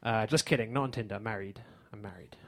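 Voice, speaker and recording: A man with an English accent doing a stand-up set on a theater stage, with a dry, deadpan delivery. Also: on the low side, fast. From England. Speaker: stand-up comedian.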